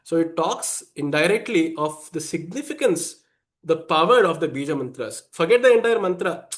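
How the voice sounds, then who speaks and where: A man's voice: a little high, lively intonation, normal speed. A man teaching the meaning of a Sanskrit hymn, rephrasing each point and mixing in Sanskrit words. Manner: explanatory, repeats and rephrases, Sanskrit terms mixed in. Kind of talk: explaining a devotional hymn.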